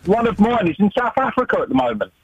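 A man's voice: high voice, sing-song, fast talker, husky. A man calling into a radio show, eagerly describing his hobby. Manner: eager, enthusiastic. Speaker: caller, hobbyist. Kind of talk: enthusiastic phone-in call. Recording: muffled phone line.

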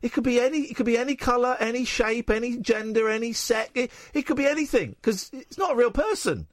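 A man hosting a late-night radio phone-in, blunt and jokey, swinging from loud rants to quiet asides. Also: very high voice, lively intonation, quick pace, no echo, studio quality. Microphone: studio microphone.

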